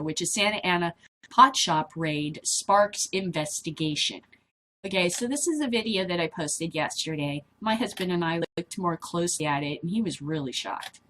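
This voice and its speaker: A woman's voice: deep voice, fairly bright tone, slight background noise. A middle-aged woman hosting a casual vlog, reading news and commenting on it in a blunt, rambling way that drifts off topic. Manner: rambling, easily sidetracked, blunt and swearing.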